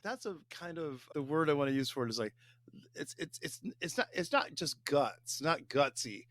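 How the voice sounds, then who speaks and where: A man's voice: a little high, expressive, moderate pace, fairly bright tone, no echo. A man from Ohio hosting an interview, hesitant and searching for words as he asks questions. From Dayton, Ohio. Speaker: interview host. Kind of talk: casual interview conversation.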